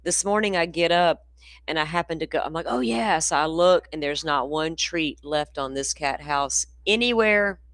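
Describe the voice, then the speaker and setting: A woman's voice: sits low, normal speed, fairly bright tone, no room sound. A grandmother chatting folksily with her livestream viewers from home. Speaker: true crime channel host. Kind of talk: casual livestream chat. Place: indoors at home in the country.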